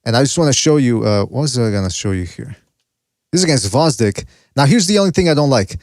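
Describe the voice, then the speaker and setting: A man's voice: medium pitch, expressive, quick pace, no echo, studio quality. A man hosting a boxing podcast in casual chat. He talks in a brash, loose way, swears freely and walks viewers through fight clips. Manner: brash, swears, gives shout-outs.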